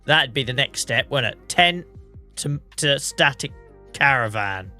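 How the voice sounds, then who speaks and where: Chatty English streamer with a cold. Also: male voice, medium pitch, animated, unhurried, pushed and bright, faint music behind. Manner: chatty, rambling, self-mocking. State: under the weather, coughing. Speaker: livestreamer. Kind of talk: casual gameplay commentary.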